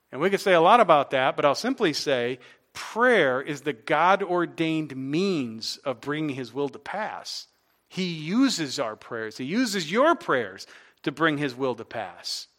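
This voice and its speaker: A middle-aged male pastor delivers a sermon in a bright, ringing voice that sits a little high for a man. He moves between hushed, slow moments and loud, animated storytelling.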